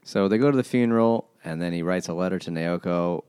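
A man's voice: sits low, brisk, a little mellow, clean tone, dry recording. A man co-hosting a casual book-club podcast, summing up the plot with dry sarcasm. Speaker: podcast co-host.

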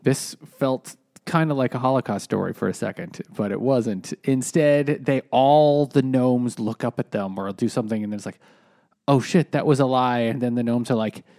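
A young man co-hosting a comedy podcast, recounting things in a rambling, halting way with lots of fillers. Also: medium pitch, dark tone, no room sound, clean studio sound. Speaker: podcast co-host. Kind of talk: casual comedic chat.

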